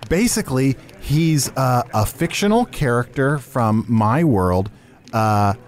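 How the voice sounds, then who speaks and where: A man's voice: medium pitch, animated, slow pace, slight background noise. A man hosting an improvised comedy podcast who talks in a playful, hesitant way. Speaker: host.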